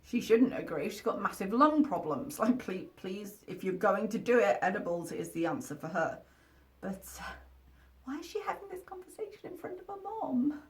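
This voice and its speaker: A woman's voice: medium pitch, very animated, moderate pace. A woman commentating over a video she is reacting to, talking in a candid, critical and chatty way.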